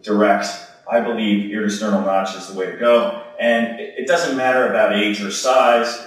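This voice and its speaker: Low-voiced man lecturing in a big echoey hall. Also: a bit bright, far from the mic. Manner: storytelling, informal with fillers. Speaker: medical lecturer. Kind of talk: conversational lecture.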